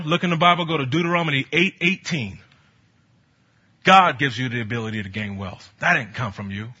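A man preaching a sermon, telling stories from his ministry and building to bold exhortation, with a husky voice. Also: a little high. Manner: animated, storytelling, rising to bold exhortation. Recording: dull lo-fi sound.

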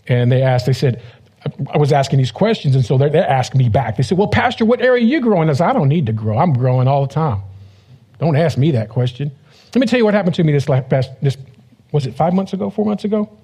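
A man's voice: mid-range voice, animated, fast talker, warm tone, husky. A man who is a pastor, giving a casual, joking sermon and acting out the voices of people he quotes.

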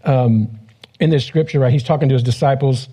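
A man's voice: medium pitch, fairly quick, mellow, breathy edge. A man who is a pastor, giving a casual, joking sermon and acting out the voices of people he quotes.

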